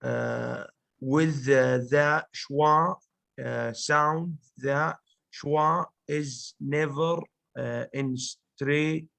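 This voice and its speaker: A man whose first language is Arabic, a student in an English lesson, speaking haltingly with many fillers. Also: a little high, fairly even intonation, vocal fry, fairly bright tone.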